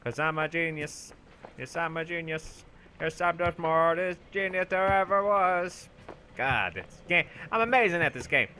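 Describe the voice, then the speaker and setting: A young man commentating his own gameplay, bragging goofily about being a genius and yelling for help in mock panic. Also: a little high, unhurried, a little hiss or hum. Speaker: gaming YouTuber. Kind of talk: let's play commentary.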